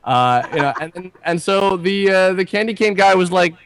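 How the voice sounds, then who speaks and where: A man telling an improvised comedy story, halting and rambling as he goes. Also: high-pitched, lively intonation, a crowd in the background. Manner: rambling, halting with fillers and restarts.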